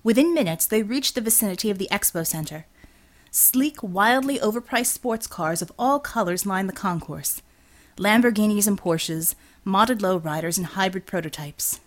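A woman narrating an audiobook with a steady, expressive reading. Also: mid-range voice, normal speed. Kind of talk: scripted narration.

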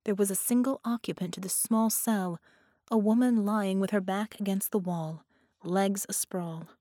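A woman narrating an audiobook in a clear, measured storytelling manner. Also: mid-range voice, fairly even intonation, mellow, no room sound, clean studio sound.

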